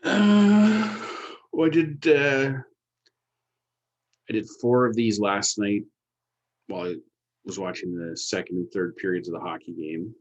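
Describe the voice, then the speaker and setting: A man's voice: fairly low pitch, measured pace, long pauses, lo-fi sound. A man co-running an app project, chatting casually and rambling with lots of fillers. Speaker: app co-founder. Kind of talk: casual work chat.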